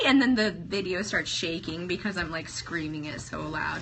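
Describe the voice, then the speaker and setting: A woman in her thirties gushing excitedly to livestream viewers, talking to them by name, her throat sore from singing. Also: fairly low pitch, moderate pace, few pauses. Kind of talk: casual livestream chat. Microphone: phone held at arm's length. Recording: phone livestream with faint ambient noise.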